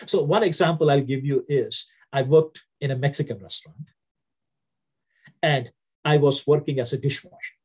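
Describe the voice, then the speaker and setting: A husky-voiced man with an Indian accent, speaking as a guest in an interview. His storytelling is earnest and plainspoken, steady and reflective. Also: mid-range voice, moderate pace.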